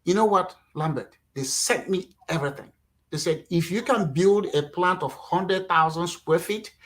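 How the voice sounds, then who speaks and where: Animated Nigerian-born man telling stories. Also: on the high side, poor audio. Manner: animated storyteller, acts out quotes, frequent "you know". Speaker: guest. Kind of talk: casual interview talk.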